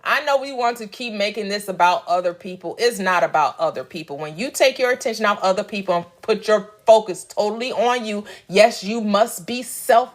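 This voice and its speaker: Speaking briskly with few pauses, a woman with a mid-range voice delivers preachy, repetitive motivational spiritual teaching. As a spiritual teacher, she turns questions back on her audience, call-and-response style.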